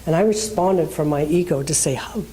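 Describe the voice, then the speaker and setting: A woman's voice: low-pitched, a little fast, mellow. A woman minister preaching in a conversational way, telling a personal story and acting out the people in it.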